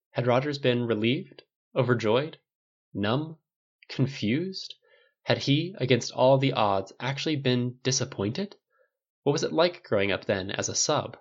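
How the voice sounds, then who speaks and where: A man reading a fan fiction audiobook aloud as narrator, in a measured storytelling delivery. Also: mid-range voice, lively intonation. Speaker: audiobook reader. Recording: slightly dull lo-fi recording.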